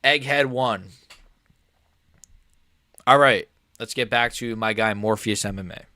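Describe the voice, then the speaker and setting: A young man streaming a live MMA reaction, excitable and swearing, calling everyone "bro" and swinging between shouted outrage and quiet muttering. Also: mid-range voice, measured pace, smooth, dry recording, studio quality. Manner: excitable, swears a lot, says "bro" often. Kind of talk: live fight reaction commentary.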